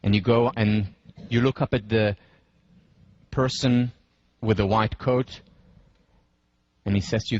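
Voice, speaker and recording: A man lecturing in a deliberate, emphatic way, slowing down to stress key points and leading listeners through scenarios step by step. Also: lowish voice, fairly even intonation, darkish tone, no room sound, muffled recording. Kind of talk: university lecture.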